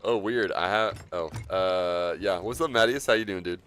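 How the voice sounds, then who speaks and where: A relaxed man chats through his gaming livestream in a low, deep voice. He rambles easily from one thought to the next and chuckles often. A faint hum of noise sits behind him. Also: normal speed. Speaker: game streamer. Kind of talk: casual livestream commentary.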